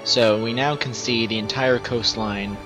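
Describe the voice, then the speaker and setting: A man's voice: mid-range voice, fairly even intonation, measured pace, music in the background, rough recording. A man casually commentating his strategy-game playthrough, rambling and correcting himself as he thinks aloud.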